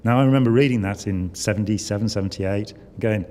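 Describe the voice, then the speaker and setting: A man's voice: lowish voice, fairly quick, hardly any pauses, darkish tone. An older man giving a conversational talk at a conference, wry and full of asides. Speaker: conference speaker. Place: conference hall. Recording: long hall reverb.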